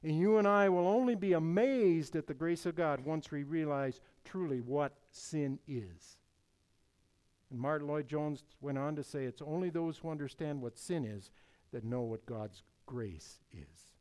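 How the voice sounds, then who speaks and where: A man preaching a sermon in an emphatic, deliberate way, repeating key phrases. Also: on the high side, darkish tone, smooth.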